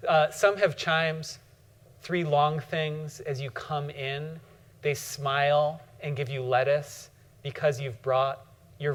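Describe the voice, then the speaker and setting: A man giving a thoughtful classroom lecture on poetry, often pausing and reading poem lines slowly. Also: a little high. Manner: frequent fillers and restarts.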